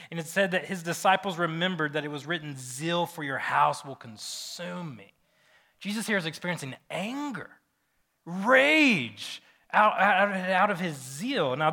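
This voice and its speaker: A male pastor in his forties preaches in a loose, conversational way, tossing in asides and little laughs. His voice sits a touch high for a man and comes across bright and forceful. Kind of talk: sermon.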